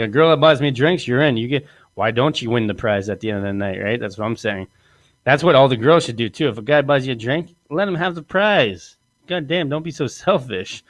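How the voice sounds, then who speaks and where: A man's voice: mid-range voice, dry recording. A man hosting a podcast, telling a crude comic story in a rambling way and laughing often. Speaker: podcast host.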